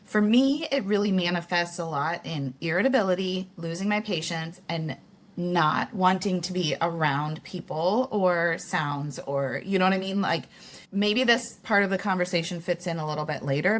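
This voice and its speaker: A woman's voice: fairly low pitch, a bit bright. A woman hosting a podcast interview, talking candidly and casually with lots of "like" and "you know". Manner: candid and chatty, many "like" and "you know" fillers. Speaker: podcast host. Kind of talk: conversational interview.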